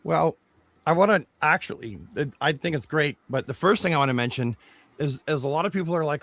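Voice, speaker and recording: A podcast co-host with a fairly high, somewhat bright voice talks briskly in a dry recording. He rambles casually through his take on a movie trailer, with many restarts and fillers.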